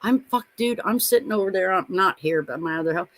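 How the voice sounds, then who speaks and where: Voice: mid-range voice, brisk, fairly bright tone. A middle-aged parent co-hosting a live watch-party stream, telling long, profane, rambling stories in casual chat and laughing often.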